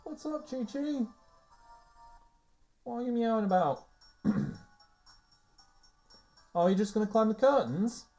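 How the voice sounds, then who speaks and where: A man's voice: extremely high pitch, animated, slow pace, pauses often, darkish tone, dull audio, soft background music. A man casually commenting on a video game, chatty and rambling, chatting to his cats as he plays. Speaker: let's play host.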